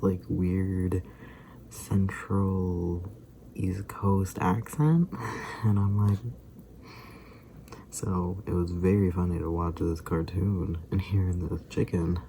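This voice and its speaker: Young male vlogger, dark, mellow voice, loose rambling delivery with frequent chuckles. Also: low-pitched, a little hiss or hum. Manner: rambling, chuckling often, animated retelling. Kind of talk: casual rambling monologue.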